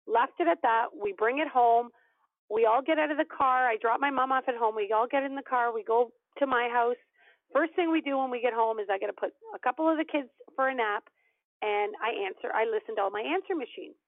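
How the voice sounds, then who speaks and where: A fairly high-voiced woman tells a personal story with lively energy, slipping into the voices of the people in it. The sound is thin and phone-like, and it is dry, with no room around it. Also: fairly quick, no echo. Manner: animated storyteller, acts out quoted dialogue. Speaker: podcast guest. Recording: tinny phone-line audio, dry.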